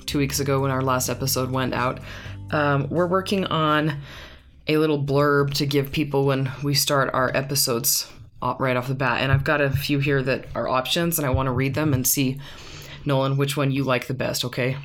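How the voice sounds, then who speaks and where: A woman hosting a podcast in casual chat, playful and quick to laugh as she tries out intro lines. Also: a bass voice, steady tone, soft background music. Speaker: podcast host.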